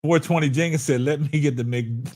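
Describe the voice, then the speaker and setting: A man's voice: fairly high pitch, a little fast, darkish tone. A man hosting a live stream, laughing hard and whooping between casual remarks to his chat. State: laughing to tears. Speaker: livestream host.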